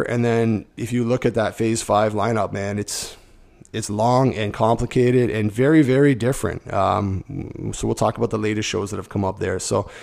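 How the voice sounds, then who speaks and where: A middle-aged man hosting a podcast, hoarse from a cold and sounding rough as he rambles casually. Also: lowish voice, a little mellow. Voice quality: rough, gravelly. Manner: rambling, stream of consciousness. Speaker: podcast host. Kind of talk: casual solo podcast chat.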